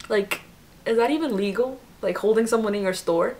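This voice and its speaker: A young woman and beauty vlogger telling a personal story in a casual, animated way, full of "like" fillers. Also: mid-range voice, fairly quick, a little hiss or hum. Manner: chatty, animated retelling with many "like" fillers.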